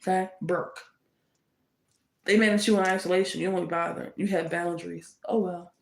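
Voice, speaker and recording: A woman's voice: fairly low pitch, fairly even intonation, brisk, vocal fry. A woman giving a casual tarot reading, speaking emphatically and scolding with indignant rhetorical questions. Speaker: tarot reader. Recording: echoey room.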